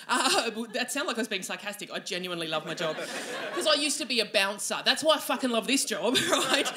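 A woman's voice: on the high side, animated, fairly quick, hardly any pauses. An Australian woman in her forties doing a brash, sweary stand-up comedy set on a comedy venue stage. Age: 40s. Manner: brash, sweary, loud bursts. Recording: noisy live club with crowd. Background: audience laughter.

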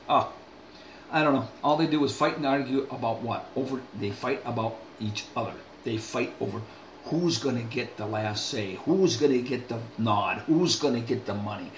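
An older man vlogger speaks straight to his viewers in a mid-range, gravelly voice, rambling in a folksy way with lots of restarts and asides. The recording has a slight hiss or hum, and the room is echoey with faint ambient sound.

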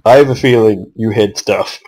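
A man's voice: fairly low pitch, moderate pace, darkish tone, poor audio. A young man giving casual commentary on his own strategy game match, swearing often and venting at his opponent.

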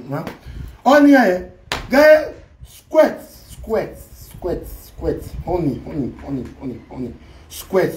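A woman's voice: mid-range voice, a little mellow, rough recording. A woman with a Nigerian Pidgin English accent hosting a celebrity gossip vlog, teasing and mocking as she talks. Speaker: gossip show host.

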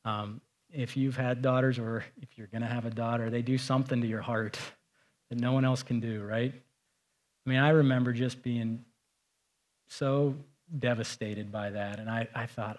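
A middle-aged male pastor preaching in a loose, conversational way, telling stories and then pressing his points home with emphasis. His voice sits at an ordinary middle pitch for a man. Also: fairly even intonation, a little slow. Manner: storytelling, conversational, rises to emphatic. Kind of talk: sermon.

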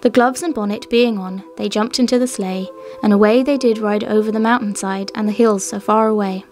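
Woman reciting a ballad over soft music. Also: mid-range voice, steady tone. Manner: measured recitation. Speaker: co-host. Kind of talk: reading a poem aloud and narrating history.

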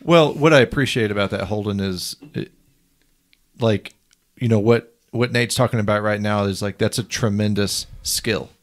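A man's voice: lowish voice, normal speed. A man hosting a podcast, asking questions and reflecting in a coaching tone with casual swearing. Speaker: podcast host.

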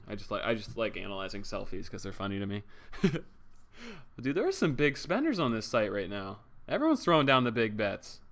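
Young guy streaming and goofing around, bright sharp voice, swears a lot, reads chat out. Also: fairly low pitch, vocal fry. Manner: joking, swears, laughs often, reads out chat and subscribers. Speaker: livestreamer. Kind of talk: casual livestream chat.

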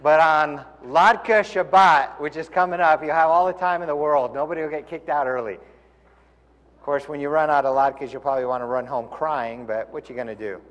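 A man leading a synagogue service, telling a joke to the congregation with lively, loud punchlines. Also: on the high side, moderate pace, big-room sound. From Tucson, Arizona. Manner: lively storyteller, shouts punchlines. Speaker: service leader.

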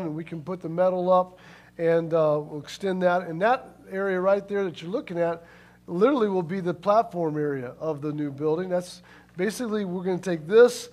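A man's voice: sits high, moderate pace, darkish tone. A man pastor giving church announcements and a sermon in a casual, folksy storytelling way. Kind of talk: sermon with announcements and a told joke.

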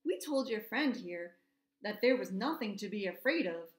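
A woman voicing a placid pair of male gun bullocks who talk in a calm, plodding, smug way. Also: mid-range voice, normal speed, reverberant, close to an everyday voice.

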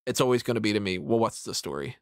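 A man's voice: fairly low pitch, expressive, quick pace, no room sound, studio quality. A man in his thirties hosting a casual podcast roundtable, rambling and self-mocking, laughing often as he talks. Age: 30s. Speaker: podcast host.

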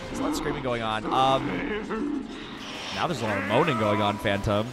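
A man streaming a video game live, chatting excitably with viewers and swearing freely. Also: medium pitch, normal speed. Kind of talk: live gaming commentary. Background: game music.

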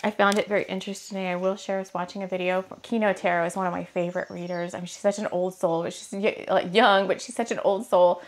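A woman giving a rambling, casual spiritual card reading, her throat a bit hoarse and scratchy, laughing often. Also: fairly low pitch, flat delivery, quick pace, hardly any pauses. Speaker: tarot card reader.

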